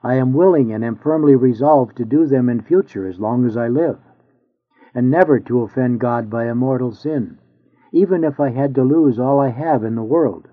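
Male reader, earnest measured sermon delivery, mid-range voice, phone-thin audio. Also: medium pitch. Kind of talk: reading an old sermon aloud. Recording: tinny phone-like sound.

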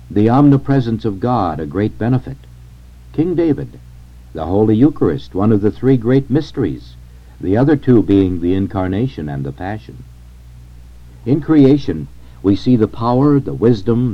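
A man reading a sermon aloud in a solemn, measured way. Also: on the low side. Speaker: reader of a sermon. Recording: dull lo-fi recording.

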